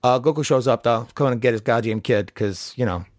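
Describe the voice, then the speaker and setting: Profane, animated man reviewing a movie. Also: mid-range voice, a little fast, no echo, studio quality. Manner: profane, animated, acts out character lines. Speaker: podcast co-host. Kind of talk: casual movie review chat.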